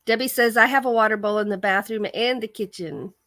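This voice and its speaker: An American woman hosts a casual livestream, her fairly high, slightly bright voice moving a little fast. She tells a chatty story and reads viewer comments aloud, and the recording is dry.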